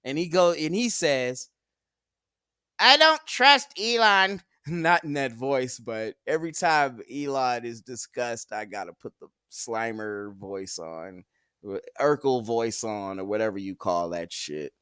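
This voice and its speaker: A man's voice: mid-range voice, measured pace, clear, resonant tone, no room sound, studio quality. A man hosting a livestream and reading chat aloud, rambling and profane with a mock-tough edge.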